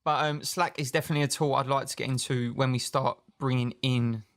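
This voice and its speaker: A British man co-hosting a startup podcast in a relaxed, filler-heavy chat. His voice has a gravelly, creaky texture at a mid pitch. He talks loosely and conversationally. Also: brisk. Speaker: podcast co-host. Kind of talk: casual chat.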